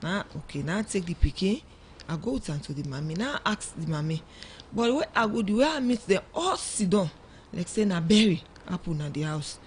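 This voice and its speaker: Sierra Leonean Krio-speaking mother, lively telling. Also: fairly low pitch, a little fast, a little hiss or hum. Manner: animated storytelling, acts out quoted dialogue. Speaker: mother of a young girl, guest. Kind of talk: emotional first-person account on radio. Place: radio studio.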